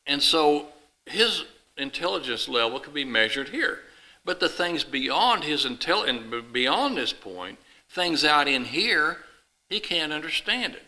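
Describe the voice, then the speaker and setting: Casting: male preacher, folksy and rambling, sharp bright tone, addressing a live congregation. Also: on the high side, sing-song, a little slow, low-quality recording. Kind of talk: sermon with illustrative story.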